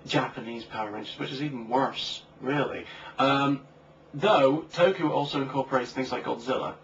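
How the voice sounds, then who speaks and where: A man's voice: mid-range voice, normal speed, creaky, a bit bright. Young guy rambling on, jokey, lots of ums, sounds far off on a lo-fi mic with a bit of hiss. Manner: rambling, joking, many fillers. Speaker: co-host, comic creator. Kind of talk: casual chat. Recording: distant lo-fi mic with faint hiss.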